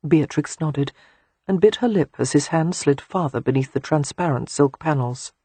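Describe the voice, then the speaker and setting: Hushed, husky audiobook narrator. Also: mid-range voice, normal speed, dry recording. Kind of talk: scripted romance narration.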